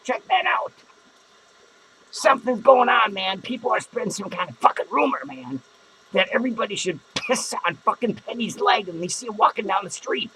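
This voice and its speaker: A man's voice: sits high, moderate pace, pushed and bright, a little hiss or hum, low-quality recording. A man playing a drunken, foul-mouthed, hot-tempered male clown who slurs, rambles and swears. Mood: indignant ranting. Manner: slurring, rambling, swearing constantly. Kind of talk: improvised character comedy monologue.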